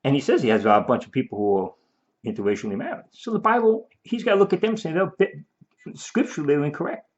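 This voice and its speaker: Talking fast in a mid-range voice whose pitch swoops wildly, a man gives emphatic, rambling video commentary. He repeats and restarts often and mock-quotes those he opposes. The recording sounds dull and lo-fi.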